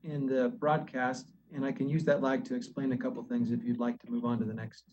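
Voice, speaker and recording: A man's voice: mid-range voice, level tone, brisk. A polite man from city staff walks a board through meeting procedure, often restarting his sentences. His voice comes through dull, lo-fi meeting audio with a faint hiss underneath. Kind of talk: virtual public meeting presentation.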